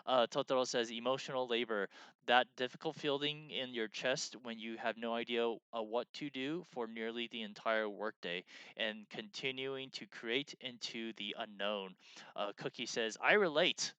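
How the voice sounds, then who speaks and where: A man's voice: mid-range voice, fairly even intonation, moderate pace, fairly bright tone, clean tone, no room sound, muffled recording. A man co-hosting a game design stream in casual chat, rambling with lots of fillers and restarts as he reads out viewer messages.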